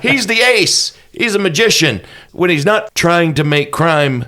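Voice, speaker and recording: A man's voice: on the high side, sing-song, a little slow, few pauses, pushed and bright. A man playing a tabletop game, describing his character in a playful, jokey way. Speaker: player. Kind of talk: casual comedic game chat.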